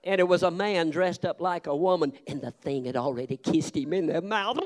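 A man preaching a sermon, telling stories with punch and calling out amens. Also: on the high side. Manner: lively, punchy storytelling with shouted amens. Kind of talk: sermon with storytelling.

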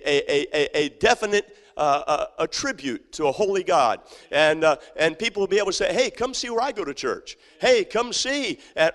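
Man, pastor, sermon, emphatic, repeats himself, lots of uhs, slightly high voice, long reverb in a church. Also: a bit bright. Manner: emphatic, repetitive, many fillers and restarts.

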